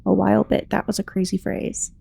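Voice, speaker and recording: Gravelly American woman chatting over gameplay. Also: mid-range voice, level tone, fairly quick, warm tone. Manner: chatty, rambling, reads game text aloud. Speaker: gameplay commentator. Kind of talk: relaxed gameplay commentary.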